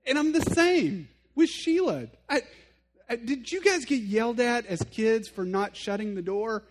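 A male pastor with a very high-pitched, animated voice gives his sermon at a moderate pace. He speaks conversationally and earnestly to the listeners, mixing in humor aimed at himself.

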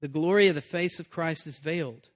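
A man preaching in an earnest, conversational way, with a fairly high voice for a man. He talks the listeners through his point plainly and sincerely. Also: a little fast. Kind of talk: sermon on preaching.

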